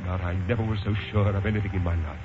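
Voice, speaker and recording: An actor playing an impulsive, romantic young army captain, hesitant and stammering, in 1940s radio acting on a tinny old radio broadcast. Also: male voice, low-pitched, rapid-fire, a little hiss or hum, close to an everyday voice. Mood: ardent.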